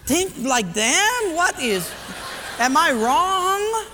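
A man's voice: very high-pitched, big pitch swings, very slow, pushed and bright, some chatter behind, slight background noise, pitched above the performer's own voice, heavily acted. A man voicing a bewildered, earnest male job applicant who protests in confusion. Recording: echoey hall reverb.

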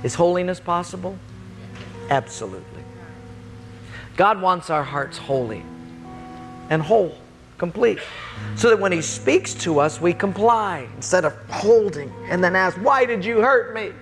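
A man preaching a sermon, telling a personal story with animated energy and laughter. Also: sits high, a little slow, long pauses, faint music behind.

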